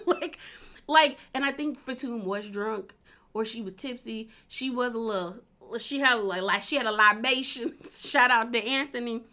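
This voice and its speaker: A woman's voice: on the high side, normal speed, bright, forceful tone. A young woman casually recapping a reality show, chatty and laughing often, with plenty of filler words. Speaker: recap vlogger.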